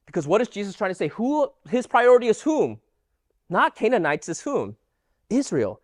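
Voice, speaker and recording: Animated Bible teacher with lively pitch. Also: moderate pace, no echo, studio quality. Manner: asks the audience rhetorical questions; animated, emphatic delivery. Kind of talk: Bible study lesson.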